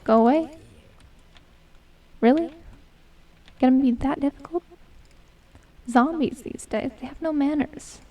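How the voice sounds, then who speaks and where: Young woman streamer, high voice, mellow tone, unhurried self-talk, slightly distant mic. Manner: chatty self-talk, hums and mutters while playing. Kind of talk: casual gameplay commentary.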